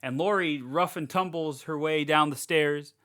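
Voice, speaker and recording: A man co-hosting a horror podcast, recapping a film in an excitable, rambling casual chat and swearing freely. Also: a little high, unhurried. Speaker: podcast co-host.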